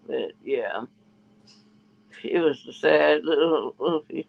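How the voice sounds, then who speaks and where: A man with a fairly high, gravelly voice tells a rambling gossip story, jumping his pitch up whenever he quotes someone else. The sound is muffled and lo-fi. He keeps restarting his sentences in a loose, casual way. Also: lively intonation, slow. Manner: rambling, restarts often, quotes others in a raised voice. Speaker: podcast co-host. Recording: muffled lo-fi audio.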